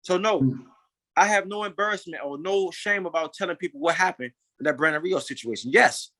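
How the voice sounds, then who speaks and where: Interview guest, male, 30s, high and bright, blunt candid storytelling. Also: brisk, no echo. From United States. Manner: emphatic, repeats phrases, swears when frustrated.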